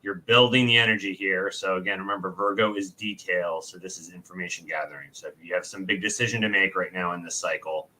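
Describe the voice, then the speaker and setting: A man's voice: low-pitched, steady tone, fast, hardly any pauses, sharp tone, low-quality recording. A middle-aged man co-hosting a casual astrology chat, rambling and chatty. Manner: chatty, rambling, with restarts and laughs. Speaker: co-host.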